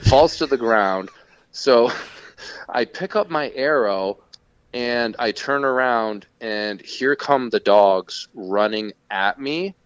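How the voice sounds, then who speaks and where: A man co-hosting a podcast, telling a casual, profane story in an animated way. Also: mid-range voice, takes it slowly, clean tone, no echo. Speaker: podcast co-host. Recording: dull lo-fi sound.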